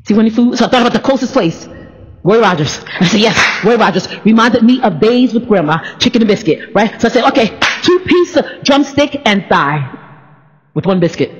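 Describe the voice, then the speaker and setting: A woman giving an informal, animated sermon, laughing often and acting out the voices of people in her stories. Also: medium pitch, fairly quick, breathy edge, in a large hall, highs cut off. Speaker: preacher teaching the Bible.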